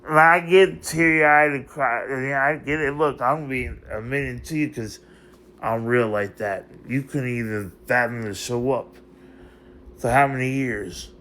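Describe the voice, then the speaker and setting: With a mid-range voice and a sharp tone, a man unhurriedly rambles through an emotional, unscripted vlog. He addresses someone who isn't there, circling back to the same phrases over and over.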